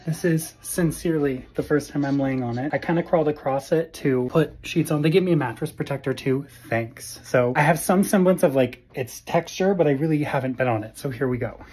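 A young man vlogging from his small apartment, talking casually into a phone camera. His voice is husky and a bit breathy, and he swings from mumbled asides up to high, excited squeals. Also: a little fast. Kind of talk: casual self-filmed vlog.

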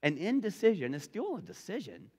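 A male pastor preaching a sermon in an animated way, repeating phrases for emphasis. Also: high-pitched, brisk, husky, long reverb tail.

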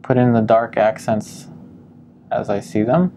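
Man, painting instructor, relaxed demo narration, soft fry in the voice. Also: medium pitch, measured pace, a little hiss or hum. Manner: calm step-by-step explaining with frequent ums.

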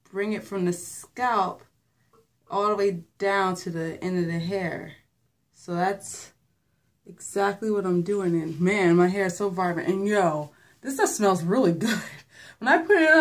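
A young woman talking casually and rambling through a hair-washing vlog. She is filming herself with a handheld phone in a bathroom at home and is a little out of breath. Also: medium pitch. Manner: chatty, rambling, filler-heavy. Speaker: hair vlogger. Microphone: phone held by hand.

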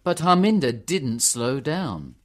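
Guy reading an english learner story, slow and clear, very expressive. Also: mid-range voice. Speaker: narrator. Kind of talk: graded reader audiobook narration.

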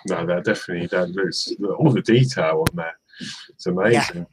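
A man's voice: deep voice, moderate pace, noisy background. A man off camera asking short questions and adding brief comments. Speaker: off-camera companion.

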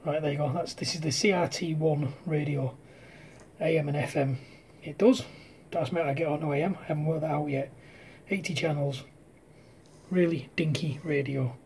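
A man chatting casually on CB radio, speaking quietly close to the mic at home at night, using CB slang. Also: on the high side, fairly even intonation, moderate pace, creaky, slight background noise. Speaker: CB radio operator. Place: home at night, partner asleep. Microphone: close to radio handset mic.

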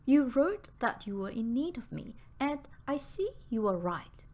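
A woman reading the part of a caring young woman who speaks gently and reassuringly. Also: fairly high pitch, big pitch swings, measured pace, pitched above the performer's own voice, heavily acted. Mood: soothing.

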